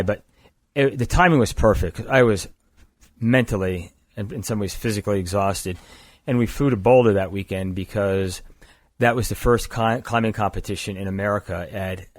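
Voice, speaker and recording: A man's voice: deep voice, no room sound. An older man, a company founder, telling long stories in an interview, often restarting and correcting himself. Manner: rambling, self-correcting, energetic storyteller. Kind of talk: conversational storytelling interview.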